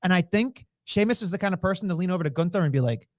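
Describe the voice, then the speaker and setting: A podcast co-host in a casual wrestling chat, talking in an animated, excitable way with lots of fillers. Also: mid-range voice, rapid-fire, dry recording, clean studio sound.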